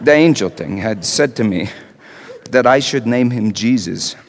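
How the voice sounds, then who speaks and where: A man's voice: medium pitch, expressive, a little slow, creaky. A man playing wry, anguished carpenter Joseph. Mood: reflective. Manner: conversational, wry asides, stammered repeats. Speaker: actor in a one-man monologue. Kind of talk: dramatic stage monologue. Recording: long hall reverb.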